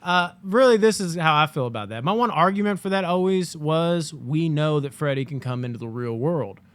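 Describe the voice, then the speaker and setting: A man co-hosting a podcast, talking excitedly and cursing often in a casual movie debate, now and then acting out a villain's lines. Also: on the high side, normal speed, smooth, no echo. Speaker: podcast co-host.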